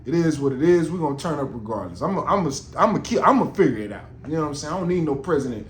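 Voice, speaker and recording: Rapid-fire and animated, a podcast host delivers a casual, rambling, profane monologue in a slightly high voice. The recording sounds roomy, with faint noise.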